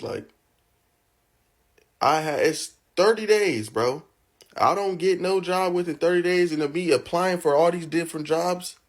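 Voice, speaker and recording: A fed-up man venting hard, profanity flying and "bro" at the end of his lines. His voice sits a little high for a man. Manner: heated, profane, repeats "bro". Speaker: unemployed job seeker venting in a clip. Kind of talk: angry venting rant.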